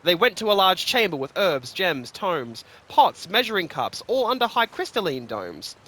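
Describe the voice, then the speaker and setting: Bright-voiced man reading fantasy lore. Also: sits high, normal speed. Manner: expressive, rhythmic storytelling. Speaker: lore reader. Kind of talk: scripted fantasy story reading.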